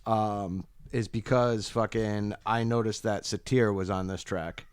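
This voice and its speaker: Deep-voiced laid-back man, dry sound. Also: steady tone, a little slow, smooth, no echo. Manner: laid-back, swears casually. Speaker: podcast co-host. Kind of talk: casual chat.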